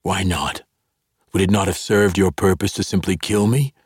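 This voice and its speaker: A man reading the part of a cold, menacing dark elf weapon master in a calm, low, threatening way. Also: normal speed, breathy edge, no echo, clean studio sound. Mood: somber menace.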